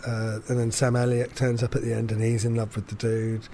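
A man talks through a casual chat in a loose, rambling way, full of asides and swearing. His voice sits at an ordinary pitch for a man. A faint hiss of noise runs underneath. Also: fairly quick. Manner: rambling, animated, swears freely. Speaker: podcast host.

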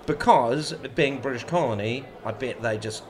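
A man's voice: medium pitch, normal speed. A man with a New Zealand accent hosting a playful, casual chat. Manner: playful, chatty.

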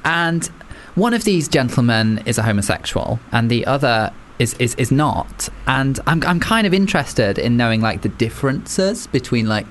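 Man, English accent, rambling host, lively pitch, faint hiss. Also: normal speed. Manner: chatty, rambling, lots of fillers. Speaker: podcast host. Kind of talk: casual chat.

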